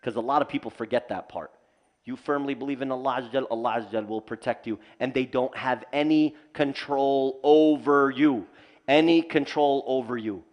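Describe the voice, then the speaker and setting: A man teaching at a community center, telling stories with humor and lively asides. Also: mid-range voice, brisk, muffled recording. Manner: animated storytelling with humor. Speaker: Islamic teacher. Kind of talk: community lecture. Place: mosque community hall.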